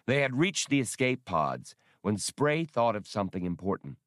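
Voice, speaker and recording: A man reads an audiobook in a low voice. His pitch rises and falls a great deal as he tells the story. The recording is dry and close. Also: very animated, moderate pace, few pauses, no echo. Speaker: audiobook narrator. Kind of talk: audiobook reading.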